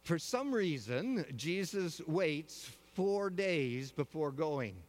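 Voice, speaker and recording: A male pastor preaching a sermon, telling the story in a measured way with slow, weighty pauses. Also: fairly high pitch, expressive, long reverb tail.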